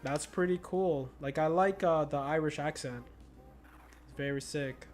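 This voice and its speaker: A man's voice: on the high side, measured pace, soft background music. Laid-back young American streamer guy. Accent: slight Spanish-influenced American. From United States. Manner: laid-back, slangy, laughs often. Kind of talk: casual chat while gaming.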